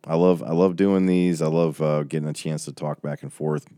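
Bible study teacher, man, forties, very deep, dry close sound, chatty and emotional. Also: fairly even intonation, moderate pace, warm tone, clean tone, dry recording. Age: 40s. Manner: chatty, reading out viewer comments. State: tearing up. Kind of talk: casual livestream Bible study wrap-up.

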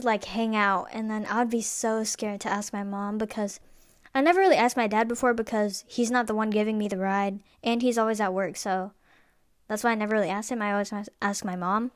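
A young woman hosting a podcast tells personal stories in a rambling, casual way, full of fillers and restarts. Her voice is medium in pitch, and the recording is studio quality with no echo.

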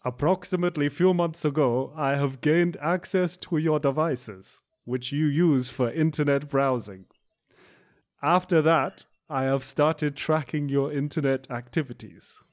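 A man voicing a male email hacker in a deliberately bad Russian accent, reading stiffly and mock-formally. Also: medium pitch, a little mellow, lightly acted. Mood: mock menacing.

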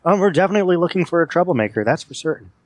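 A man's voice: a little high, lively intonation, racing, no room sound. A man playing a tabletop role-playing game, speaking in character with a dry, wry delivery. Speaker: player. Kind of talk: in-character chat.

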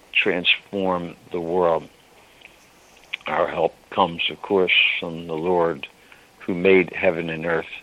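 Slow, deep-voiced man on devotional radio. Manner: slow, tender and pleading, emotional. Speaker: radio ministry host. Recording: dull lo-fi radio broadcast.

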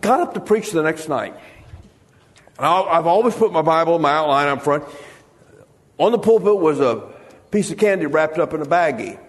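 A man's voice: fairly high pitch, lively intonation, moderate pace, pauses often, in a large hall. A man preaching a sermon, telling humorous stories and acting out the voices of the people in them. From United States. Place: church sanctuary.

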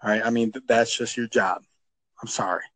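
A man's voice: medium pitch, fairly even intonation, a little fast, a bit bright, no echo, rough recording. A man who coaches youth football, talking casually and emphatically on a podcast, often repeating words as he gets going.

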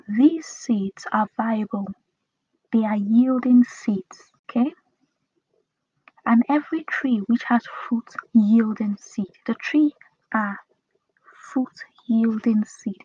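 A woman giving a devotional Bible teaching in a slow, breathy delivery that often drops to a whisper. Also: fairly high pitch, a little mellow, dry recording. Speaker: preacher. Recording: dull dry close recording.

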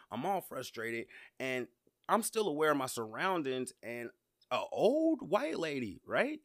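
A man's voice: medium pitch, a bit bright, dry recording, clean studio sound. A man from Georgia, hosting a podcast and telling a story to his listeners in a casual, conversational way. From Georgia, USA. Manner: conversational, repeats words, addresses listeners directly. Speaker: podcast host.

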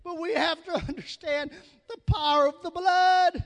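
A pastor with a Southern American accent, preaching a sermon with shouted, drawn-out emphasis. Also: male voice, extremely high pitch, steady tone.

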